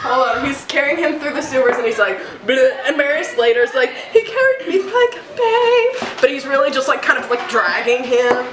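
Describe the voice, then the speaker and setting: A woman casually retelling a story with toys, giggling often and acting out the characters in quick voices. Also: sits high, fairly even intonation. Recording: echoey room, distant mic, background noise.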